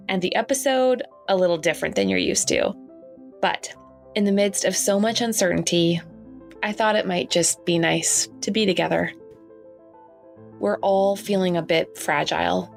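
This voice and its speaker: Gravelly-voiced Canadian woman hosting, with soft music. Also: on the low side. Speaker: podcast host. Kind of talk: scripted narration. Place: makeshift home setup outside the studio.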